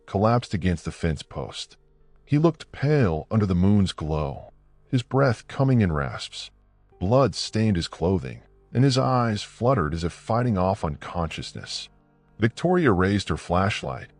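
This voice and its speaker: Low-voiced man narrating a suspense story. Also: no echo. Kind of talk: scripted narration.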